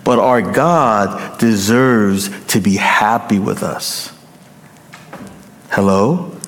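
A man preaching a sermon as pastor, emphatic, rising to loud peaks and dropping to hushed endings, often checking in with the congregation. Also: on the low side, extremely slow, a little hiss or hum. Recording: long hall reverb.

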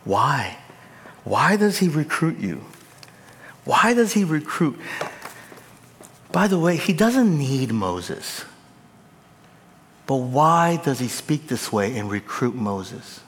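A man delivering a sermon in an unhurried, deliberate way, his voice ringing out with a long reverb tail. He swings from loud, high emphatic peaks down to quiet, conversational asides. The sound carries the spacious echo of a church hall. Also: sing-song, slightly rough. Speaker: pastor.

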